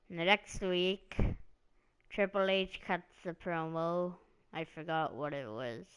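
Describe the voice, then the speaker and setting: A woman talking wrestling on a live stream in a slow, easygoing ramble. Her voice is smooth and clean, and she drifts between thoughts with plenty of "like" and "um." She keeps it loose and conversational. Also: lowish voice, fairly bright tone. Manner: rambling, meandering, heavy on "like" and "um". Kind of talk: casual live-stream commentary.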